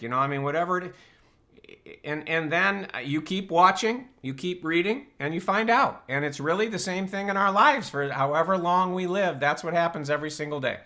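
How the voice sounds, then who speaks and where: A man's voice: fairly high pitch, normal speed, pushed and bright. A man hosting a live online Q&A show, talking casually and explaining his ideas through rhetorical questions. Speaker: host and personal-growth teacher.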